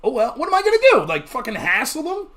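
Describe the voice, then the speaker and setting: A male livestream host talks in a loose, swearing rant, his pitch swooping up and down as he gets worked up. The delivery stays casual and unscripted, like a streamer talking straight to his chat. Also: fast. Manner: animated, profane ranting.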